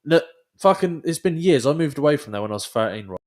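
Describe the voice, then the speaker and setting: A man, chatting casually on a podcast and telling animated, sweary stories. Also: a little high, fast talker. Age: 20s. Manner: animated storyteller, swears often. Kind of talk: casual chat.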